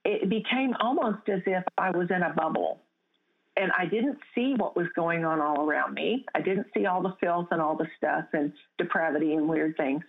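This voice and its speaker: A woman recounts a personal faith story as an interview guest, her voice sitting a little low. She talks earnestly and often restarts her sentences. The sound is thin and tinny, like a phone line. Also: normal speed, creaky. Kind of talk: testimony in an interview.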